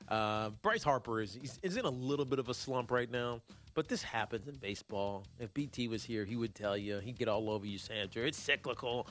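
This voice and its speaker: A man hosting a sports talk show, rambling and joking in a casual, animated way with lots of fillers. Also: medium pitch, a little fast, slight background noise. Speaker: sports radio host.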